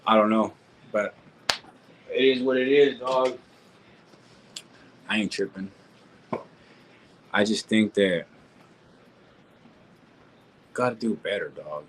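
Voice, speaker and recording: A man's voice: lowish voice, slow, long pauses, slight background noise, low-quality recording. Slangy man ranting live. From California. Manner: slangy, repetitive, full of restarts and "homie, dog" asides. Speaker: reaction streamer. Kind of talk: casual live-stream rant.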